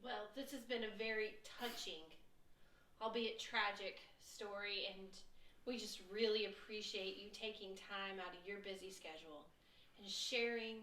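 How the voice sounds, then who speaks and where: A woman's voice: medium pitch, steady tone, a little slow, sharp tone, reverberant, far from the mic, slight background noise, poor audio. A woman asking polite, formal interview questions in a comic skit.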